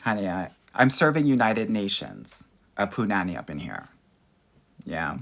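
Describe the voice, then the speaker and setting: A man's voice: fairly low pitch, wildly swooping pitch, a little slow, gravelly, fairly bright tone. A man coaching on dating in a live Q&A, reading viewer comments aloud in a sassy, flamboyant way and calling listeners honey and girl. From United States.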